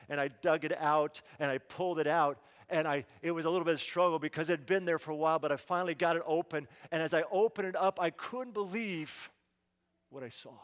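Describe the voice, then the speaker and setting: A man's voice: fairly high pitch, smooth. A man preaching, telling a parable in the first person and acting out the dialogue with animation. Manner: animated, acts out the story with quoted dialogue. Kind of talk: dramatic first-person sermon storytelling. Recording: long hall reverb.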